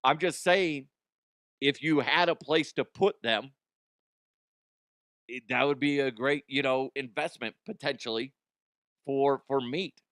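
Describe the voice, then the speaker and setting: A man hosting a comedy news show, ranting crudely and mocking the stories, with quick jumps into silly voices. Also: mid-range voice, a bit bright, no room sound, studio quality. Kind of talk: profane comedic news commentary.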